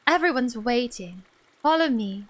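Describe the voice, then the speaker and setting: A woman voicing a stern upper-class rebel woman in a put-on posh British accent, brisk and commanding. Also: on the high side, lively intonation. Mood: urgent, brisk.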